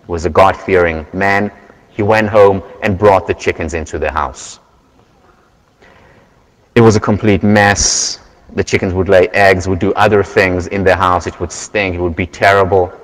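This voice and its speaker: A man giving a university lecture, earnest and measured, telling stories to make his point. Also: sits low, steady tone. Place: large lecture hall. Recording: lecture hall with long reverb.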